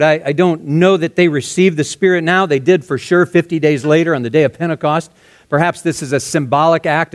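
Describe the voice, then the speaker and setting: A man preaching a verse-by-verse sermon in a conversational way, dropping to soft, hushed tones for emphasis. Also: fairly high pitch. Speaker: pastor. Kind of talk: expository sermon.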